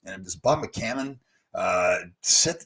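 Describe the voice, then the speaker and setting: A man in his sixties hosts a casual live stream, reading out viewer comments and answering with rambling stories in a chatty way. His low voice is expressive, a bit bright and breathy, at a measured pace.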